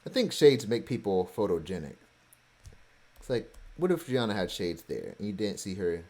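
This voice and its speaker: A man's voice: on the low side, very animated, moderate pace, darkish tone. A man casually talking through his vacation photos, rambling with offhand, self-joking asides. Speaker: vlogger going through his cruise photos.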